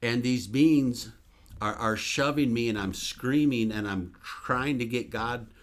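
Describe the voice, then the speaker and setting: A man's voice: medium pitch, measured pace. A man who is a minister, sharing a religious testimony in an earnest, emphatic storytelling manner.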